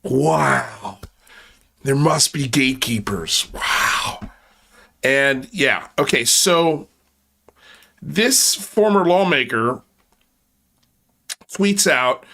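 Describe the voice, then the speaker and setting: Bright-voiced sarcastic male host. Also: mid-range voice, lively intonation, extremely slow, gravelly, pauses often. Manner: mocking, exaggerated sarcastic asides. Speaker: channel host. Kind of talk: sarcastic commentary.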